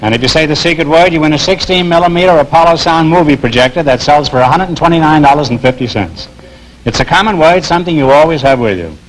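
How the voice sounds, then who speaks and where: A middle-aged man hosting a comedy quiz show, teasing his contestants with quick quips and trailing "huh?" tags. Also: on the high side, lively intonation, low-quality recording. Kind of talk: wisecracking quiz show banter. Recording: hissy 1949 broadcast recording.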